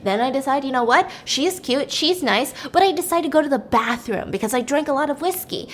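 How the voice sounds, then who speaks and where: A woman's voice: high-pitched, expressive, a little fast, a little hiss or hum. Woman voicing an indignant injured groundskeeper. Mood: defensive. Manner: heated, indignant, defensive. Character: injured angry male groundskeeper, ex-convict.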